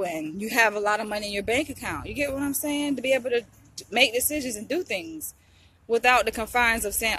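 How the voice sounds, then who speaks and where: A woman's voice: a little high, fairly quick, a bit bright, breathy edge. Blunt, preachy young woman vlogger. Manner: blunt, preachy, repeats "you get what I'm saying". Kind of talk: casual talk to camera.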